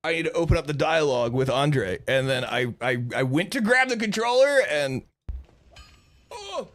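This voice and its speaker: A man's voice: a little high, animated, fairly quick, fairly bright tone. A man live-streaming a game who shrieks and laughs at his own blunders, swears freely and mocks himself while explaining what went wrong, into a streaming mic. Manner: self-mocking, explains himself at length. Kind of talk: live gaming stream commentary. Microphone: streaming mic with compressor.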